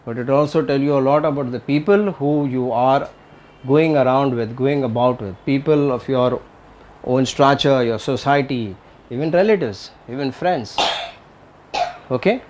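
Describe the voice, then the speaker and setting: A man's voice: fairly high pitch, darkish tone. A man teaching tai chi and qigong in a live talk, speaking emphatically and often checking in with the audience. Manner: emphatic, repetitive, checks in with "Okay?".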